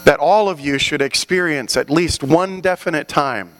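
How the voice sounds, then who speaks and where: Man, preacher, animated sermon, fairly high voice, faint hum behind. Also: moderate pace, rough recording. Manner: animated, building to loud exhortations.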